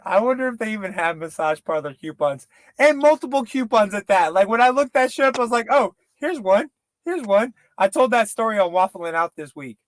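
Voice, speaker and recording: A young man telling crude stories in casual podcast banter, profane and animated, acting out quotes. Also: high voice, a little fast. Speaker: podcast co-host.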